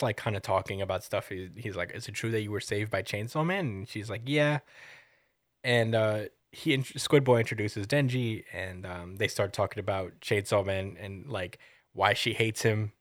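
The recording is dry and studio quality, capturing a fairly low-pitched man speaking at normal speed. As co-host of a casual podcast chat, he rambles over a chapter's events and acts out what the characters say with lively energy.

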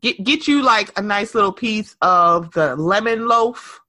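A woman's voice: medium pitch, unhurried, dry recording. A woman co-hosting a casual chat, telling sassy stories and acting out the quoted voices. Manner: animated, sassy storytelling with acted-out quotes. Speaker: podcast co-host.

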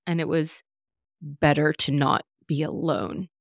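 A woman's voice: deep voice, fairly even intonation, a little slow, creaky, no room sound, studio quality. A woman hosting a podcast, telling a personal story candidly, with many fillers and restarts. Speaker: podcast host. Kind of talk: casual chat.

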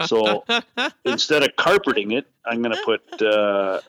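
A man's voice: on the low side, animated, a little slow, crowd noise. A man co-hosting a casual podcast, talking bluntly with joking rants. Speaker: podcast co-host. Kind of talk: casual chat.

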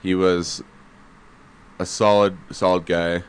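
Low smooth-voiced guy chatting sports, measured, lots of um and like. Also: little pitch movement. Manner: measured, explanatory, hedging with fillers. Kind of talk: casual sports chat.

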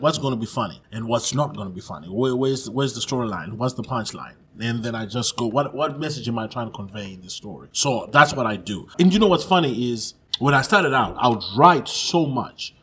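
A middle-aged stand-up comedian from Zimbabwe, telling stories in a casual interview and laughing often. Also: male voice, mid-range voice, slightly rough. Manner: animated, laughing storyteller.

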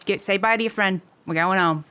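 Woman as unbothered uncle, slow and dry, bright tone. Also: mid-range voice, natural voice. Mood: offhand. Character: laid-back adult male uncle on a boat. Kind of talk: improvised comedy scene.

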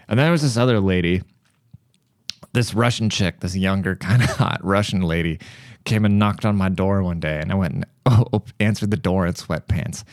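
A male podcast host telling rambling stories with plenty of swearing and frequent laughter. His voice sits a little low. The sound is dry and close, with no room echo. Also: moderate pace. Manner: crude, profane, laughs often. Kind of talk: casual comedic storytelling.

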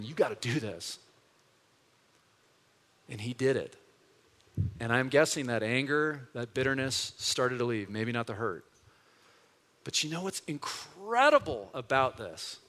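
A male pastor preaching a storytelling sermon in an earnest, conversational way, dropping to hushed tones and rising again. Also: mid-range voice, animated, unhurried, long reverb tail. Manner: earnest, conversational, swings between loud and hushed.

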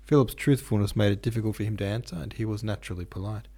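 A male podcast host reads a classic novel aloud. His narration is steady and measured. The voice is low, dark and a little husky. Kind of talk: audiobook narration.

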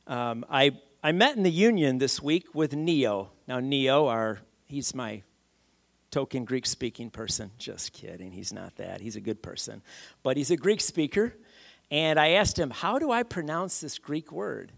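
A man's voice: mid-range voice, lively intonation, unhurried, gravelly. A man preaching a sermon, emphatic, repeating key phrases and asking the congregation questions. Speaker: pastor.

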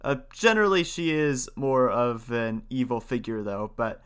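A man reading a folktale aloud in a steady, measured voice, then talking through it in a casual lecture. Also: mid-range voice, clear, resonant tone. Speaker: storyteller and lecturer.

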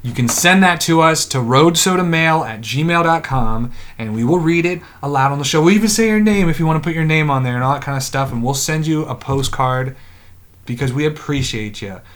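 A man's voice: a little high, brisk, few pauses, fairly bright tone. A man co-hosting a podcast, joking and chatting casually. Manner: joking, laid-back banter. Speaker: podcast co-host. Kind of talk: casual chat.

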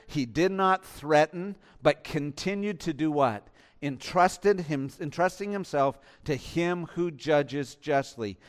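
A man's voice: on the high side, fairly bright tone, clean tone, in a large hall. A man, the pastor, preaching a sermon with emphasis and tossing rhetorical questions to the congregation.

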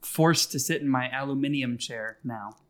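A man's voice: medium pitch, normal speed. A man co-hosting a casual podcast, dropping dry, teasing quips. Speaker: podcast co-host.

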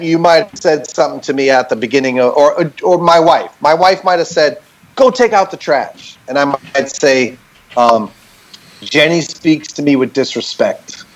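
A man speaking over a remote call in a relaxed, explanatory way. His voice sits somewhat high for a man, and he keeps the thread moving by checking in with "right?" as he explains. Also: poor audio. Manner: animated, talks things through with many "right?" checks. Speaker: band member on a group call. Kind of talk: casual explanatory chat.

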